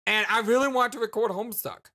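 A woman hosts a let's play, reading the game text aloud and chatting with viewers in a fast, steady voice on the high side. She sounds stuffy and congested, giggles a lot, and signs off with warm, affectionate words.

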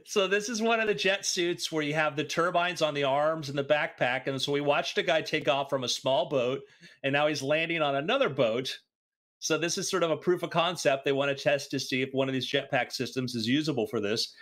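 A man's voice: fairly high pitch, brisk, fairly bright tone. A man co-hosting a podcast, telling a playful story in casual chat with many fillers. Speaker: podcast co-host.

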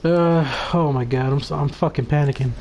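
Over background noise, a gamer narrates their play live at a moderate pace in a medium-pitched voice, cursing nonstop and erupting into panicked yells at the game.

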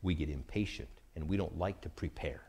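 A man preaching a sermon, animated and acting out the lines of Bible characters. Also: extremely low pitch, brisk, breathy edge. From United States.

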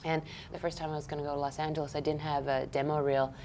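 Low-voiced chatty actress. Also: female voice, level tone, fast talker, darkish tone, slight background noise. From Canada. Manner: chatty, frequent "like" fillers, self-deprecating. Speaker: actress, interview guest. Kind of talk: casual conversational interview.

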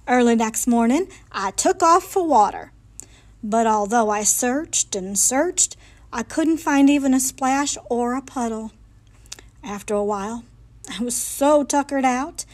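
A woman reading a picture book aloud in a lively, folksy storytelling manner, in a library. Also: high-pitched.

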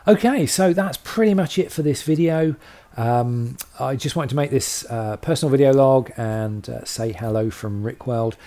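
A man's voice: medium pitch, moderate pace, few pauses, warm tone. A man hosting a casual video log, chatty and self-deprecating, rambling with lots of fillers. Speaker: channel host.

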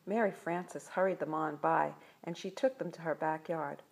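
An older woman reading a children's story aloud as a grandmother, with gentle, chatty asides. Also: low-pitched, steady tone, normal speed, gravelly, breathy edge.

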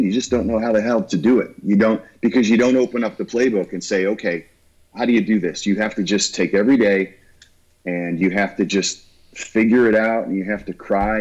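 Guy talking slow and heartfelt, husky, kinda muffled audio. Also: lowish voice, darkish tone. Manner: earnest, halting, emotional. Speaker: guest musician. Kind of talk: heartfelt interview talk.

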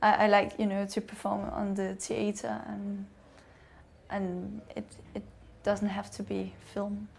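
Young woman in an interview, hesitant, flat, gravelly. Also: mid-range voice, a little slow, slight background noise. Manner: hesitant, searching for words. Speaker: actress interviewee. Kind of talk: casual interview answers.

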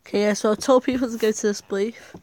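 A woman giving casual, chatty gameplay commentary as a gaming vlogger, thinking aloud and getting excitable. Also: on the high side, quick pace.

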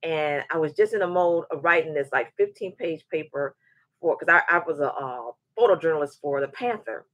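Husky-voiced woman hosting a chatty show. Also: low-pitched, brisk, dry recording. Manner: animated, repeats words as she restarts, acts out quoted voices. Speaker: show host. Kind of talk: casual livestream chat and storytelling.

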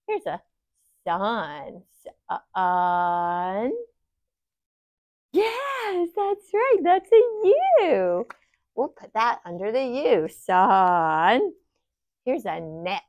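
Slow, sing-song woman teaching phonics. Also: fairly low pitch, no echo, studio quality. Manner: slow, exaggerated sounding-out of letters; encouraging, sing-song praise. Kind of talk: children's phonics lesson.

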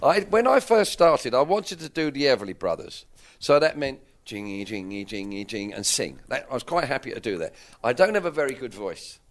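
An English-accented man in his sixties chats through an interview. His voice sits at an ordinary middle pitch, and he rambles frankly, often breaking off to rephrase himself. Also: sing-song, a little fast. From England. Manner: rambling, self-correcting, candid. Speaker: interviewed musician. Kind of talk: casual interview chat.

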